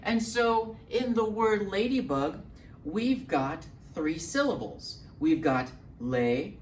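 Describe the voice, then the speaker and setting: A man hosts a children's storytime, his voice swooping up and down with lively encouragement as he takes it slow for the little ones. He sounds a bit distant in a roomy space, with a faint hum underneath. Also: high voice. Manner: animated, encouraging, speaks slowly to little ones. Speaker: children's librarian.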